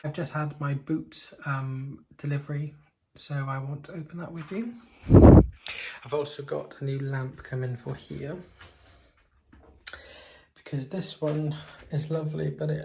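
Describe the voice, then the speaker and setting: A man with a hoarse voice, chatting eagerly through a casual home haul vlog. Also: fairly high pitch, darkish tone, slight background noise. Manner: chatty and eager, with frequent ums. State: hoarse, recovering from laryngitis. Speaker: vlogger. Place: at home, indoors.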